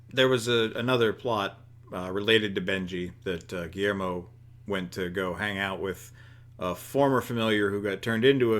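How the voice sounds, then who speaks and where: Man, podcast co-host, low voice, hesitant, dry humor. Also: a bit bright. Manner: hesitant, lots of ums and restarts, dry humor. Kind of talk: casual chat.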